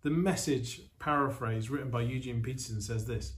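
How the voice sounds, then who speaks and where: A man preaching a sermon as pastor of an online church service, earnest and steady, with reflective pauses. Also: medium pitch.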